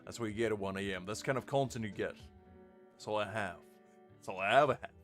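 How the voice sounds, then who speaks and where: On a live game stream, a man chats casually in a fairly low, a bit bright voice at a quick pace. He rambles, mocks himself and laughs often, with faint music behind him.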